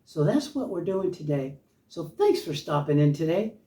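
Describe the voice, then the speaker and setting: A man's voice: fairly high pitch, very animated, moderate pace, mellow. An older man telling playful, meandering childhood stories at a house by the ocean. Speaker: storyteller, guest. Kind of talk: rambling storytelling. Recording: roomy, far from the mic.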